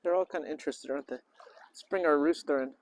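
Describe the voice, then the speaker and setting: Outdoors at a lakeside park, a vlogger and English teacher host narrates at a quick pace, chatty and playful, often greeting the birds in a raised, high voice. Geese and ducks honk faintly behind him, and the rough recording carries a little hiss or hum.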